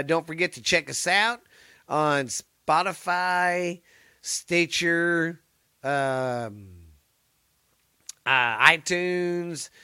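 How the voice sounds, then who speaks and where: A man's voice: a little high, bright, forceful tone, no room sound. Rambling, profane male podcast host. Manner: rambling, profane, stumbles over names. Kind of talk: casual rambling podcast monologue.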